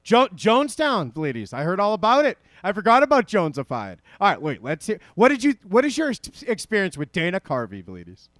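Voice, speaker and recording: A man hosting a playful, animated livestream chat and reading donations aloud. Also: high voice, a little fast, few pauses, no room sound, clean studio sound. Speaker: podcast host.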